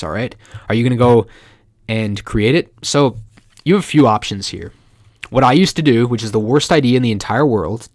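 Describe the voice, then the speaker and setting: A man from Canada hosting a casual marketing tutorial, chatty and excitable, breaking into jokes and acted-out quotes. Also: lowish voice, dry recording, clean studio sound. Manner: chatty, excitable, joking asides, acts out quoted voices. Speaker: marketing video host. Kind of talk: casual talking-head tutorial.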